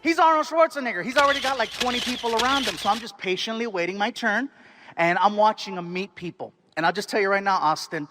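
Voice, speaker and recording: Excitable high-voiced male comedian. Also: fast, faint music behind. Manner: animated, excitable storytelling. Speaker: stand-up comedian. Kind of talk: stand-up storytelling.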